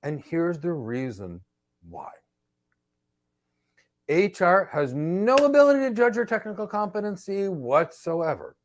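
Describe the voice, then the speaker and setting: Animated middle-aged man telling a story. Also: a little high. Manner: emphatic, animated storyteller who acts out exchanges. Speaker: host and cloud career trainer. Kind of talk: live Q&A with storytelling.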